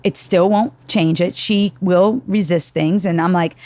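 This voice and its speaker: In a dry recording, a middle-aged woman hosting a podcast tells stories at a measured pace in a fairly low voice. Her casual chat is animated, full of acted-out quotes and some swearing.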